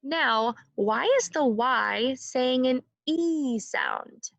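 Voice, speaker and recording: A woman's voice: high voice, lively intonation, a bit bright, dry recording, highs cut off. Patient woman teaching young children. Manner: slow, clear and encouraging, models sounds for the class to repeat. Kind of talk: phonics lesson for young children.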